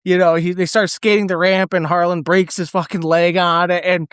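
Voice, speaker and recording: A podcast co-host retelling scenes excitedly, often laughing and swearing. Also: medium pitch, normal speed, clear, resonant tone, no room sound, clean studio sound. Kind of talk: casual film discussion.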